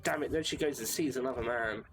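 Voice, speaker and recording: A man's voice: mid-range voice, fast, background noise, lightly acted. A man voicing a despairing, angry office worker who rants and curses bitterly in a horror visual novel. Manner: bitter, cursing, ranting.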